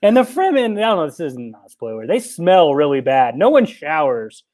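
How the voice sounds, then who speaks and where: A man's voice: fairly high pitch, big pitch swings, moderate pace, darkish tone. A young man co-hosting a casual podcast, retelling film scenes with quoted bits and frequent laughs. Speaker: podcast co-host.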